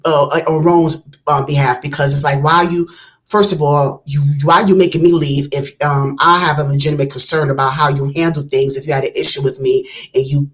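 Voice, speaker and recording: A woman's voice: low-pitched, fairly even intonation, brisk, poor audio. A woman hosting a reaction video, giving passionate casual commentary with many restarts. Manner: passionate, talks it through with restarts.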